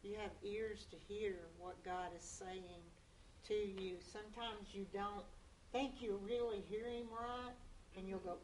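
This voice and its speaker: A woman's voice: medium pitch, steady tone, unhurried, a little mellow, far from the mic. A woman in a church group sharing an earnest story about hearing God. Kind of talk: casual faith testimony. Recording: roomy room, faint noise.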